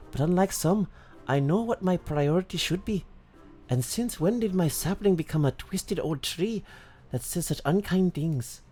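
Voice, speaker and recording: A man's voice: on the high side, mellow, pitched above the performer's own voice, natural voice. A man voicing a doting, dramatic fairy royal with an attempted Scottish accent, reading theatrically over faint game music. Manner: theatrical, drawn-out reading with stumbles.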